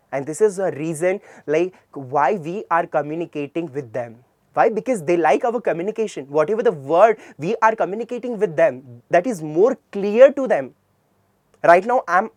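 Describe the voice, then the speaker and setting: This is a tutorial lecture on communication skills, delivered earnestly in classroom style by a man with an Indian English accent. His voice is high-pitched with a darkish tone, and the recording is dry. He tends to raise a question and then supply the answer.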